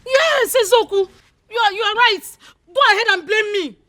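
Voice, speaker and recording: An actress with a Nigerian English accent playing a quarrelsome young village maiden. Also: female voice, very high voice, moderate pace, pushed and bright. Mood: bitter. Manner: pleading then combative. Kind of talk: film acting.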